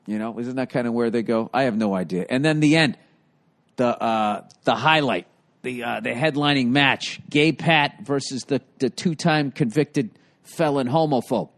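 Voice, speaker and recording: A man's voice: mid-range voice, normal speed, fairly bright tone. A man hosting a podcast, telling stories in a casual comedic monologue, with profane, rambling delivery. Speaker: podcast host.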